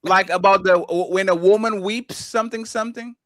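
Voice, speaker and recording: A man's voice: high voice, steady tone, fairly quick, a bit bright, no room sound, clean studio sound. A man co-hosting a live stream debate, joking and provocative, often talking over the others.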